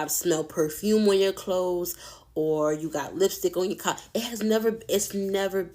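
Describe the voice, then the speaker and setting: Low-voiced woman telling a storytime. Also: darkish tone. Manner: chatty, candid, swears freely. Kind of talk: casual storytime.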